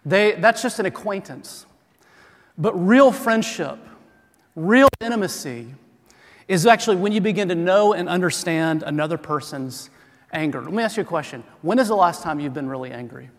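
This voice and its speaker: In a church sanctuary with long hall reverb, a middle-aged pastor preaches a sermon in a high, animated voice at a moderate pace. His style is conversational, laced with self-deprecating humor.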